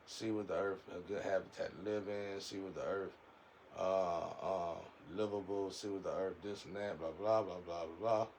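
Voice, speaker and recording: A man with a fairly low voice rambles through a casual, preachy spiritual monologue, circling back and repeating his phrases. A faint hiss of noise sits behind him. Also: steady tone, moderate pace, darkish tone, poor audio. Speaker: speaker giving a monologue.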